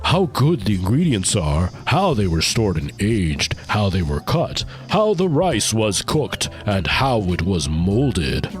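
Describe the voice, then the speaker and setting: A man voicing an arrogant male sushi gourmet in a game, speaking slowly and deliberately in an impression of a famous actor. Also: lowish voice, huge pitch swings, faint music behind, voice pushed down, full character voice. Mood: pompous. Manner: slow, deliberate, pompous pauses.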